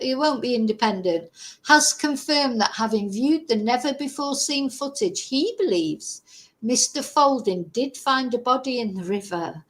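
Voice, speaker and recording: A woman hosting a commentary vlog, scornful and exasperated, reading out a news article and picking it apart with sarcasm. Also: fairly high pitch. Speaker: commentary channel host.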